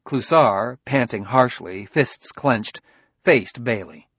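A man reading a story aloud in an even, measured narration. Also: medium pitch, slightly rough, no echo. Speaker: audiobook narrator. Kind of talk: scripted narration.

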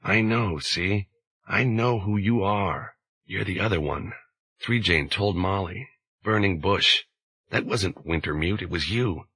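A man's voice: low-pitched, pushed and bright, slightly rough, exaggerated voice. A man reading an audiobook and voicing a desperate, bitter young man who swears and pleads. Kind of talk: audiobook character voice.

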